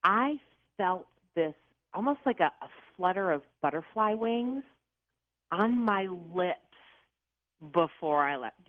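A woman in her fifties from the Chicago area, a paranormal investigator telling her stories in an interview with lively, dramatic, self-mocking delivery. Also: on the low side, takes it slowly, long pauses, dry recording. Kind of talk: animated storytelling interview. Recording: tinny phone-like line, dry.

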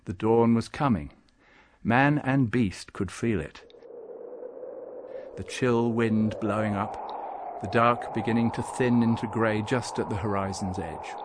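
A man narrating an audiobook, reading in a measured, expressive storytelling manner. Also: fairly low pitch, background noise. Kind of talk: scripted narration.

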